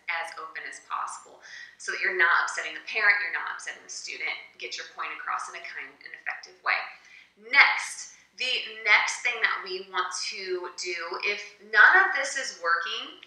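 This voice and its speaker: A woman who teaches English online, calmly explaining classroom strategies step by step in an encouraging way. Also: fairly low pitch, distant mic. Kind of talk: instructional teaching-tips video. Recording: echoey room, voice away from the mic.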